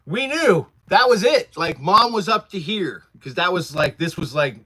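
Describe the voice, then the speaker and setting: A man's voice: sits high, big pitch swings, normal speed, pushed and bright. A man in his forties hosting a casual livestream from his workshop, rambling through stories and laughing often while answering chat. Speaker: livestream host.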